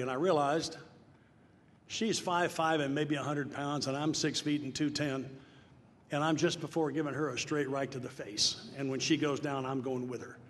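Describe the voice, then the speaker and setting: With a slightly high voice, an older Nashville, Tennessee man recounts his recovery at a meeting held in a large hall. He speaks earnestly and plainly, building to loud emphatic lines, and the live recording has long reverb and faint noise.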